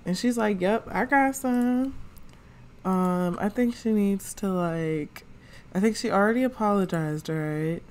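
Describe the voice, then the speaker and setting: Female gaming host, relaxed drawl, casual playful narration. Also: on the low side, a little slow, slight background noise. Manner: chatty, slangy, narrates characters' thoughts. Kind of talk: casual let's play commentary.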